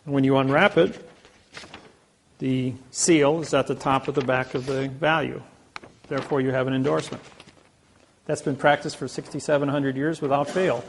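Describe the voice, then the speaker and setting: Gravelly man telling rambling stories. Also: medium pitch, steady tone, a little hiss or hum. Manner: rambling anecdotes with acted quotes; halting, with many restarts. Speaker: speaker teaching a class. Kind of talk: storytelling lecture.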